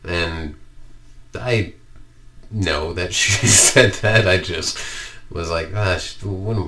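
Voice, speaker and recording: Co-hosting a podcast, a man tells a rambling story in casual chat, full of swearing and fillers. His voice is low, bright and forceful, and he speaks slowly.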